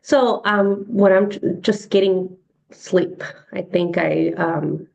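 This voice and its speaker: A woman speaking on a video call in a hesitant, halting way, full of fillers. Her voice is low and gravelly. The call audio sounds dull and lo-fi. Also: steady tone, a little mellow. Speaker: session participant. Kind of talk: casual talk on a video call.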